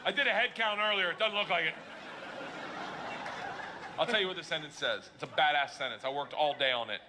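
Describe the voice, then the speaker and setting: Man telling a loud comedy story. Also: a little high, fairly quick, background noise. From Florida, US. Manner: loud, animated storytelling with laughing asides. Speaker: stand-up comedian.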